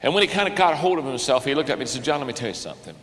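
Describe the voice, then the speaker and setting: A man's voice: mid-range voice, expressive, very fast, fairly bright tone. An older man preaching as a pastor, telling a story in an earnest manner and repeating phrases when stirred. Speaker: pastor and leadership speaker. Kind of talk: storytelling sermon talk. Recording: long hall reverb.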